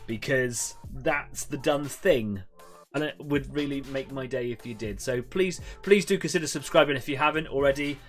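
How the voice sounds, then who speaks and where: A man hosting a live painting stream, chatting in a relaxed, rambling way to viewers while he works. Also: medium pitch. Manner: chatty, rambling, self-deprecating. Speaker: host of an online painting club stream. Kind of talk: casual live-stream chat.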